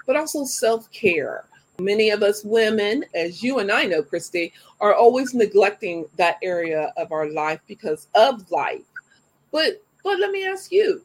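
A woman's voice: medium pitch, husky. A woman hosting a live show, chatting in an upbeat way and talking straight to her audience before asking her guest questions. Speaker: show host. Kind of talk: live show interview chat.

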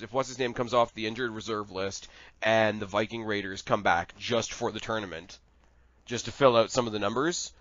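A man co-hosting a podcast in casual wrestling chat, animated and rambling, swearing freely. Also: on the low side, dry recording, muffled recording. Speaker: podcast co-host.

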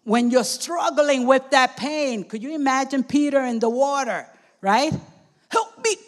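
A woman with a high voice preaches a sermon at an unhurried, deliberate pace. She presses her points with fervor, calls out to her congregation again and again, and now and then breaks into a shout. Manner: fervent, calls out "come on" and "amen" to the congregation, sometimes shouting.

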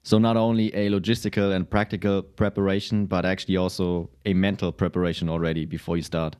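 A man hosts a podcast interview. He talks haltingly, circling back over his words. His voice is very deep and warm. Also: level tone, clean tone. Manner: halting, many restarts and fillers. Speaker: podcast host. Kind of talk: interview questions and reflections.

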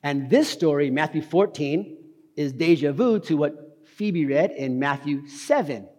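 A man preaching a casual, animated sermon, talking fast and tossing in slang. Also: fairly high pitch, big-room sound. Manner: talks fast. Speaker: pastor. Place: church hall.

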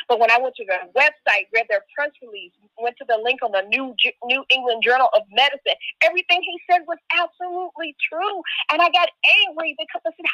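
High, bright woman preaching over a muffled line. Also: a little fast, few pauses, no room sound. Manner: emphatic, repeats appeals. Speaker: podcast co-host. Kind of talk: preachy podcast exhortation.

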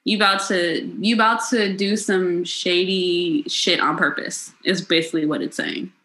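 A young American woman co-hosting a casual chat, playful and joking, swearing freely, with sudden high-pitched outbursts. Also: steady tone, normal speed, sharp tone, low-quality recording. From United States. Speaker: podcast co-host.

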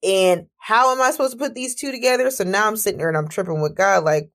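A woman hosting her own podcast, her voice sitting at an ordinary middle pitch. She tells the story in a loose, animated way, with disbelieving exclamations and plenty of cursing. Every so often she reins herself in and tells herself to breathe. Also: fast talker, hardly any pauses. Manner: animated, exclamatory, swears freely; talks herself down with deep breaths. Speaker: podcast host. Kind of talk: casual storytelling monologue.

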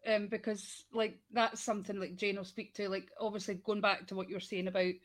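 A woman's voice: mid-range voice, flat delivery, brisk, a crowd in the background. A woman on a podcast talking candidly about her own life, leaning a lot on casual fillers. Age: adult with an eight-year-old daughter. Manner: candid, personal, heavy use of fillers like "like" and "you know". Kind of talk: casual conversation.

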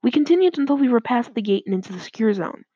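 A woman's voice: a little high, animated, fast talker, mellow, husky, no room sound. A woman narrating her own story aloud in a plain, slightly hesitant reading. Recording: dull lo-fi dry recording.

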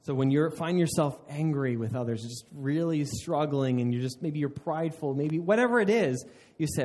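A man's voice: mid-range voice, animated, moderate pace, hardly any pauses, darkish tone. A man preaching a sermon in an earnest way, often restarting mid-phrase and laughing at himself. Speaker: pastor.

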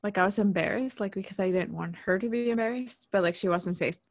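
A woman's voice: mid-range voice, brisk, dry recording. Chatty young woman, dry close sound. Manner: rambling storytelling full of "like" and laughs. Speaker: podcast co-host. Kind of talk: casual chat.

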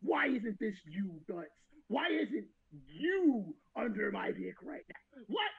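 A man's voice: high-pitched, big pitch swings, takes it slowly, creaky, husky, narrow, tinny audio, full character voice. A man putting on the voice of a vain, obsessive male anime commander, whining and indignant in a comedic impression. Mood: jealous whining. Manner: whiny, indignant ranting.

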